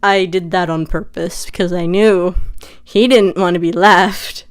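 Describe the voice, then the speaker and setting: A young woman casually retelling a story for her vlog, chatty and animated, full of "like". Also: on the low side, unhurried, clear, resonant tone. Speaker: vlogger.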